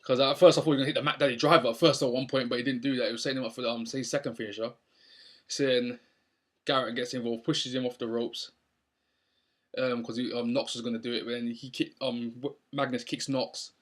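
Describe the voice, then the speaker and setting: A man's voice: medium pitch, level tone, quick pace. A young man recapping a wrestling show in a casual, rambling way with lots of ums. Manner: rambling, many ums and restarts.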